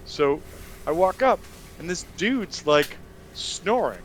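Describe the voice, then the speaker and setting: A man's voice: on the high side, slow pace, a little hiss or hum. A man at a tabletop game table, ranting and telling a story with lots of swearing and filler words. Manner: profane, animated storytelling with lots of "like". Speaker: player. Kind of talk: heated out-of-character table talk.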